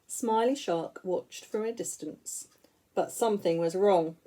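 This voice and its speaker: A woman teacher reading picture books aloud to young children in an expressive, sing-song way. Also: mid-range voice, unhurried. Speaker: school teacher.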